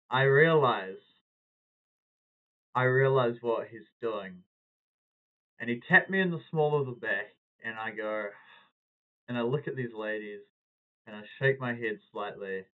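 Over a thin, phone-like recording, a man spins a casual story, jumping into the lines people said along the way. His voice sits at an ordinary middle pitch, and the delivery stays loose and conversational. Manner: animated anecdote-telling, acting out quoted lines. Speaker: podcast host. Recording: tinny phone-like audio.

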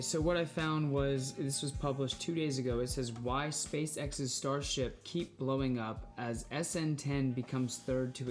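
A man at an ordinary middle pitch, reading a news article aloud on a casual podcast. He stumbles and restarts now and then. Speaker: podcast co-host.

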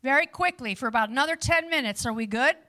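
Woman preacher, very high and bright, energetic sermon delivery. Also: fast. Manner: energetic and lively, chatty asides to the audience. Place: before a live audience.

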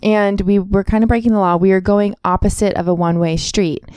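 A woman co-hosting a podcast, chatting casually, telling stories quickly and laughing often. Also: mid-range voice, steady tone, darkish tone, smooth, no room sound. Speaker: podcast co-host. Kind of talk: casual chat.

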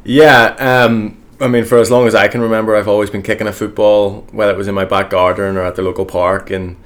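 Deep-voiced young Northern Irish man. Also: a little fast. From Northern Ireland. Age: young adult. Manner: relaxed, frequent ums, modest. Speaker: guest. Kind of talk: casual interview chat.

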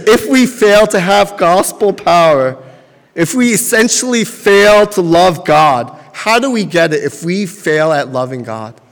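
High-voiced pastor in a reverberant hall. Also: male voice. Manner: conversational storytelling with laughs. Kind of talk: sermon.

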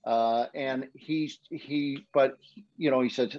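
Animated man telling a story. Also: slow, no echo. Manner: animated storyteller, acts out quotes with high voice jumps. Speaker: hockey broadcaster, podcast guest. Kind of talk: casual storytelling chat. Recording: dull, dry podcast audio.

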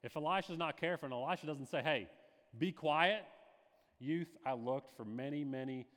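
A man's voice: medium pitch, fast, big-room sound. A male pastor preaching a sermon, slipping into quoted voices with dramatic shifts.

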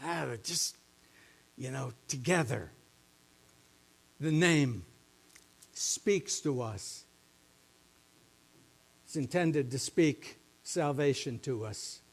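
Slow-talking man preaching a sermon. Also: vocal fry. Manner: swings from quiet, low musing to loud, emphatic preaching. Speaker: pastor. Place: church sanctuary.

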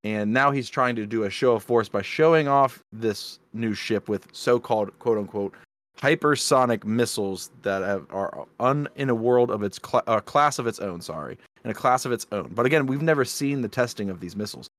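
A man's voice: medium pitch, normal speed. A man co-hosting a casual podcast, talking earnestly with lots of ums and restarts. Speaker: podcast co-host. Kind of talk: casual drinking chat. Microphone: podcast mic.

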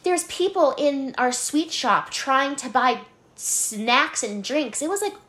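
A woman's voice: high-pitched, takes it slowly. A young woman co-hosting a casual podcast, telling a work story with lots of swearing and laughter. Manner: animated, swears freely, laughs while telling. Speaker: podcast co-host, hotel front desk worker.

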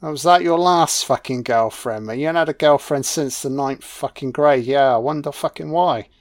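A man's voice: on the high side, moderate pace, dry recording. Male film commentator: mocking, profane, with a dead-dry mic and no room. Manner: sarcastic, mocking, heavy swearing. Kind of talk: audio-only film commentary rant.

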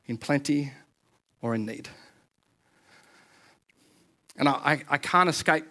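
A man preaching a sermon as pastor, animated and repeating words as he builds to his points. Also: on the high side. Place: church service.

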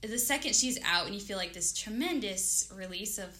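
A woman in her thirties, a podcast guest telling a story in casual conversation, animated and acting out her own thoughts. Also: mid-range voice, moderate pace. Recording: faint background noise.

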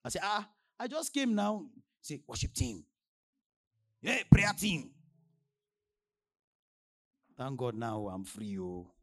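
A young man from Nigeria with a Nigerian English accent, preaching a sermon as a pastor. He swings from quiet asides to loud, shouted emphasis. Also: mid-range voice, wildly swooping pitch, moderate pace.

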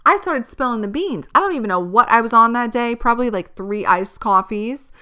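A woman's voice: fairly high pitch, fairly quick, clean tone. A woman hosting a podcast, telling a personal story casually, with lots of swearing and laughter. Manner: animated, profane, laughs often. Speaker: podcast host.

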